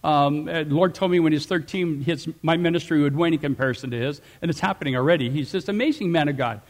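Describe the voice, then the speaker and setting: A middle-aged man preaching a sermon, animated, swinging between loud emphatic rises and quiet asides. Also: a little high, quick pace. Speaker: pastor.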